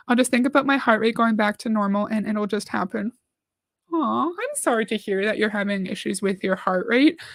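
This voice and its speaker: A woman's voice: fairly high pitch, fairly bright tone, dry recording. A woman hosting a livestream, chatting casually, reading out viewer comments and reacting to a video.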